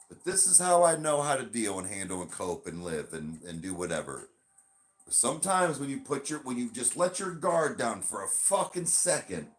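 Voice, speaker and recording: A man co-hosting a casual podcast, talking loosely and swearing, switching between a chirpy service voice and a flat low one. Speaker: podcast co-host; bartender.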